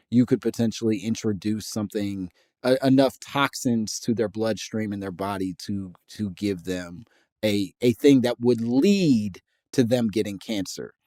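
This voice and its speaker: A man from Indiana co-hosting a comedy podcast, laying out his research in a relaxed, wry way. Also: medium pitch, dry recording, clean studio sound. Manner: laid-back, wry, researched explanations. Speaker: podcast co-host. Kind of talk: casual comedic podcast chat.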